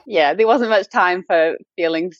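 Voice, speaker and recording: This endurance runner speaks a little slowly in a fairly low voice with a New Zealand accent. As a chatty interview guest she uses lots of fillers and restarts, and the sound is dull, lo-fi, and dry.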